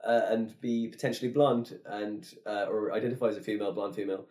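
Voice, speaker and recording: A man from Ireland, hosting a casual interview, talking fast and loosely and trailing off mid-sentence. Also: fairly low pitch, steady tone, a little mellow. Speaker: interviewer host. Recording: echoey room.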